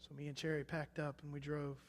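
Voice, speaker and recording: Man in his twenties, sermon testimony, emphatic then hushed, big reverberant hall. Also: on the high side, completely flat delivery, a little fast, a little hiss or hum. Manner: swings from loud emphatic bursts to hushed quiet lines. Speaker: preacher.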